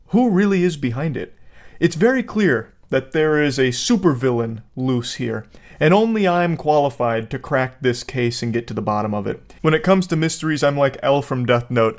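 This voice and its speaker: A man giving casual comedic commentary, joking in a deadpan, mock-serious way. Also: medium pitch. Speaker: online commentator.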